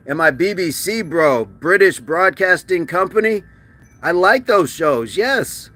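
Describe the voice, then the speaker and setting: Male livestream host, bright and punchy tone, loose and joking, reads viewer comments and banters with them. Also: high voice, animated. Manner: chatty and joking, with quick asides and restarts. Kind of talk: casual live-stream chat, reading comments aloud.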